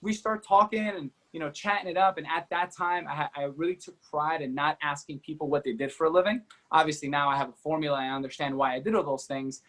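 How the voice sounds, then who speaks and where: Energetic male entrepreneur telling a story. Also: a little high. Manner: energetic, fast-talking storyteller with frequent fillers. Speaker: podcast guest, entrepreneur. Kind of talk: animated storytelling in an interview.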